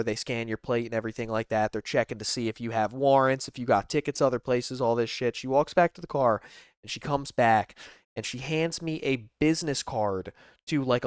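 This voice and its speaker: Male host, smooth resonant voice, dry close sound, chatty and profane storyteller. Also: medium pitch, no room sound. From Philadelphia area. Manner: profane, animated anecdote-telling. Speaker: channel host commenting on clips. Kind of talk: casual storytelling commentary.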